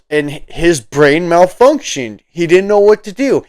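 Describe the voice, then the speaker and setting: A man rants through his own commentary, heated and mocking, swearing freely. His voice sits a little high and comes through smooth and clean. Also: expressive, measured pace, few pauses, dry recording. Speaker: political commentary host. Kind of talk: ranting commentary.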